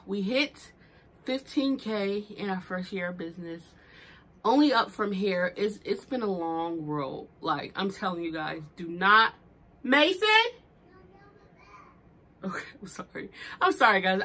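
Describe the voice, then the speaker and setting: A young woman vlogging about her small business, teary and emotional, speaking in fervent motivational declarations. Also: medium pitch. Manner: animated and expressive, many fillers. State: teary from crying. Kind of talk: casual heartfelt talk to camera.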